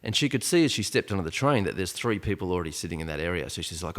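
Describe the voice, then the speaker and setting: A man telling a tense story in casual podcast chat, animated and full of asides. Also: deep voice, quick pace. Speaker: podcast guest. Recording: long reverb, echoey room.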